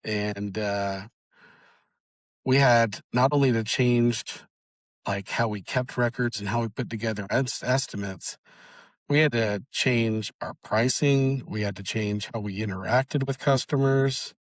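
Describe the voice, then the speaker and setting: A young man being interviewed about his family's auto repair shop, telling the story in a halting way with many restarts. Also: mid-range voice, no room sound. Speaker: guest, auto shop owner's son.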